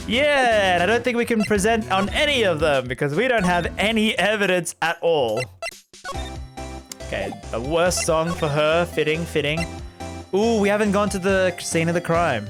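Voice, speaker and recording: A male streamer rambling and laughing as he talks to his live chat. His voice is fairly high and very lively, and game music plays clearly underneath. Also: moderate pace.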